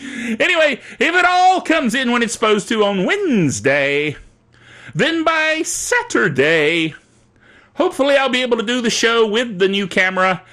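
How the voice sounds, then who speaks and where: A man hosting a casual tech show, excitable and giggly, with jokey asides, talking into a studio microphone. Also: extremely high pitch, moderate pace.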